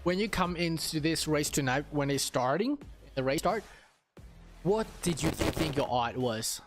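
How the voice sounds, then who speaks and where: A man's voice: a little high, animated, moderate pace, faint music behind. A man co-hosting a post-race interview and asking the driver questions. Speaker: co-host.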